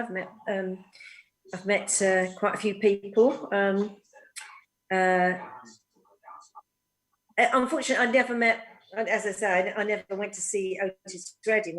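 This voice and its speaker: A woman's voice: medium pitch, poor audio. Chatty woman telling stories. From East End of London. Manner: chatty, laughing storyteller with many "um"s. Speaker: guest actress. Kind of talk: casual anecdote telling.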